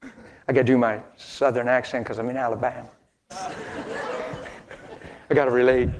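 A man in his sixties preaching a sermon, dropping to hushed near-whispers and then rising to emphatic lines, with folksy conversational asides. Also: medium pitch, flat delivery, normal speed, a crowd in the background. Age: 60s. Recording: long hall reverb.

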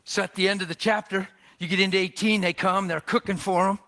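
Animated bright-voiced male preacher. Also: high-pitched, quick pace. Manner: animated, dramatic swings from loud to hushed, acts out biblical voices. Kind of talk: sermon.

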